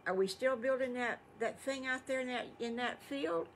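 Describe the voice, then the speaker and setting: An older woman telling a bedtime story puts on a cheerful little wolf boy from a storybook, earnest and keen to help. His voice sits a bit higher and brighter than hers, with a childlike lift. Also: normal speed, slight background noise, natural voice. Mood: eager. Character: eager young male wolf, helpful and polite.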